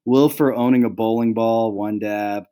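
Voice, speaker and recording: A young adult man hosts a casual fantasy football recap in a low-leaning, steady, mellow, and smooth voice at normal speed. He rambles with lots of "like" and "um," joking about his friends and handing out mock penalties to them.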